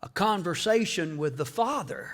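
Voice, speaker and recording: A man pastor preaching a sermon in a call-and-response style, swinging from hushed tones up to loud peaks. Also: high voice, expressive, normal speed.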